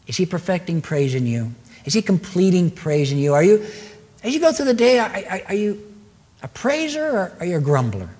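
Male pastor, earnest preacher, slightly high voice, long church-hall reverb. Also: sing-song, a little fast, darkish tone. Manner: earnest preaching with emphatic repeated phrases. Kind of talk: sermon.

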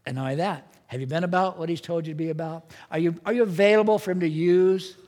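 A fast-talking pastor with a slightly high, darkish voice preaches earnestly and emphatically, pushing his delivery into strong rises. The sanctuary wraps it in long reverb.

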